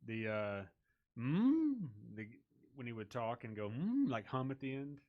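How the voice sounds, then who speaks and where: Co-host, man, middle pitch, halting and low-key. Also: steady tone, narrow, tinny audio.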